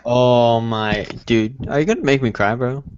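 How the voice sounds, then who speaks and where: A young man in a casual podcast chat, excitable, swearing and calling everyone dude and bro. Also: mid-range voice, a little slow, clear, resonant tone. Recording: dull lo-fi audio.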